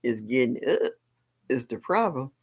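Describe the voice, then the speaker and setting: A woman's voice: extremely low pitch, sing-song, a little slow, darkish tone, husky. An older woman hosting a live stream, chatting casually and exclaiming often, with frequent laughs. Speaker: livestream host.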